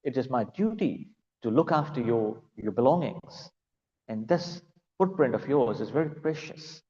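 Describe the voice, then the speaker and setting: A man's voice: medium pitch, animated, a little slow, darkish tone, long reverb tail, highs cut off, natural voice. A man voicing a small, tired, devoted female goat in a spoken story, earnest and humble.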